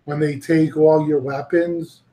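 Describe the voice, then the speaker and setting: A man's voice: on the high side, little pitch movement, a little slow, mellow, echoey room, a little hiss or hum, poor audio. A man hosting a casual panel chat, rambling and swearing freely as he talks and laughs easily. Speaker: podcast host.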